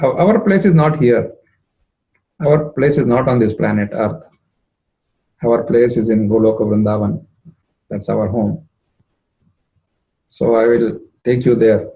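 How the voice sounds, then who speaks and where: A man's voice: medium pitch, phone-quality sound, natural voice. A man voicing a tender divine lover who comforts his weeping beloved with sweet, reassuring words. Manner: soothing, reassuring.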